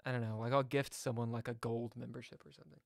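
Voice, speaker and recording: A man's voice: medium pitch, level tone, fast, vocal fry, dry recording, studio quality. A man chatting casually on a live chess stream, reading viewer comments aloud and jumping from topic to topic. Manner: chatty, jumps between topics, reads chat aloud.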